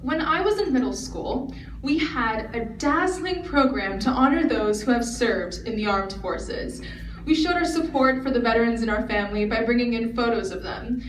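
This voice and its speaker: A woman's voice: on the high side, expressive, moderate pace, distant mic. Teenage girl giving an earnest speech. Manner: earnest, recited delivery. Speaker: student speaker. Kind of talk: prepared speech. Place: large convention hall. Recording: echoey hall recorded from afar, faint noise.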